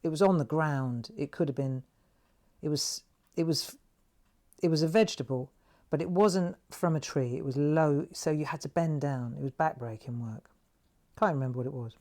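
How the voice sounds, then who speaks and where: A woman hosting a craft livestream, telling a rambling, animated story while she demonstrates. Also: low-pitched, normal speed. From England. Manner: rambling, animated anecdotes with frequent "right?".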